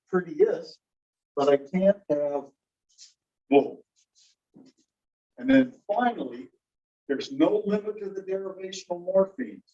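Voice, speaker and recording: A man's voice: fairly high pitch, darkish tone, husky. A man teaching a class, explaining things step by step and putting questions to his students. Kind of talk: classroom lecture. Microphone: phone across the room. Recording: dull phone recording from a distance.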